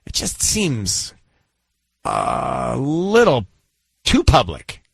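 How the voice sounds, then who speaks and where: Male radio host, lively pitch, playful teasing banter, dry close studio sound. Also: very slow, gravelly, slightly rough, dry recording. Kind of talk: radio talk show chat. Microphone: studio microphone.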